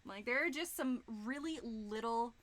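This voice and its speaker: A woman in her thirties chatting on a live stream, gushing and excitable, swearing freely. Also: on the high side, unhurried. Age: 30s. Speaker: streamer and digital artist. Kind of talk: casual live-stream chat. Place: home studio room.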